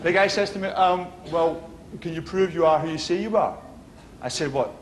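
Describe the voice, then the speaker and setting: A middle-aged man from Glasgow does a stand-up set at a moderate pace, his voice on the high side and slight background noise present. With lots of animation, he performs the exchanges and voices in his tales.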